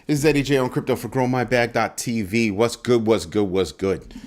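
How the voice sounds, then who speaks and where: A man's voice: medium pitch, a little fast, a little mellow. A man hosting a casual crypto livestream, greeting viewers in chat by name and teasing them playfully. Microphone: desk microphone.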